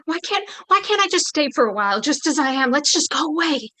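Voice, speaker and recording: A woman's voice: high-pitched, sing-song, brisk, bright, forceful tone, full character voice. A woman reading the part of a frightened young bride, tearful and pleading, in a staged play reading.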